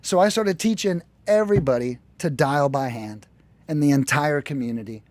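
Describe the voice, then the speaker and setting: An American man telling his work story in a casual podcast chat, animated and profane, often acting out quoted voices. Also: on the high side, moderate pace, dry recording. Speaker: podcast guest, lead generation business owner.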